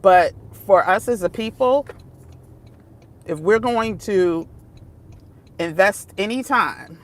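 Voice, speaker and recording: A woman's voice: mid-range voice, takes it slowly. A woman vlogging in a casual, chatty way, often wandering off topic and laughing as she talks to her viewers. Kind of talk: casual vlog talk. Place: outdoors, moving between places.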